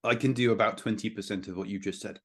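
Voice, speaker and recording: A man co-hosting a casual podcast, cracking quick, dry jokes. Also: on the low side, fairly even intonation. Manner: quick dry quips, jokey. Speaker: podcast co-host. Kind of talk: casual chat.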